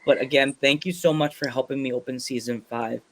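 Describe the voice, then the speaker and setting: This podcast host talks briskly in a medium-pitched voice during a casual interview chat, wandering off with jokes, frequent laughter, and animated voices for the quotes.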